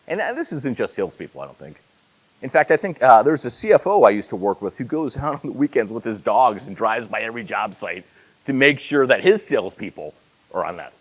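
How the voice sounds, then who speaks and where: Man in his forties, keynote speaker, lively storytelling delivery, pitch swinging widely, self-deprecating humor. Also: rough recording. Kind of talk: conference keynote speech. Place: conference hall.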